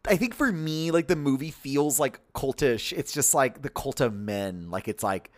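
Animated young man chatting on a podcast. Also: mid-range voice, moderate pace. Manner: animated, rambling, heavy use of filler words. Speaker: podcast co-host. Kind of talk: casual podcast chat about films.

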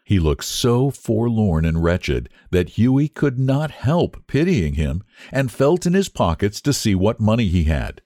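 Brief: male audiobook narrator, low and lively in pitch, dry close mic. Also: no echo. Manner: measured, expressive storytelling.

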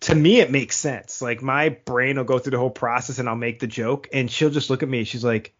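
A man's voice: mid-range voice, fairly quick, hardly any pauses. A man in his thirties hosting a podcast, chatting casually in rambling stories that he laughs through. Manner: rambling, laughs often between phrases. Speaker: podcast host. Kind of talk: casual chat. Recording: dull lo-fi recording.

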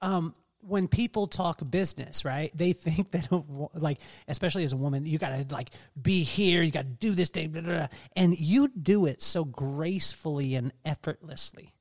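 A man's voice: fairly high pitch, moderate pace, hardly any pauses. A man hosting a podcast in casual chat, telling stories animatedly and laughing often. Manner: animated storytelling, mimics others' voices. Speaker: podcast host.

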